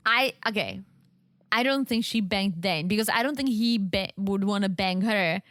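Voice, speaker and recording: A woman's voice: medium pitch, moderate pace, dry recording. A woman co-hosting a podcast, chatting casually and animatedly about a reality show. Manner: animated, retells scenes in quoted voices. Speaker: podcast co-host.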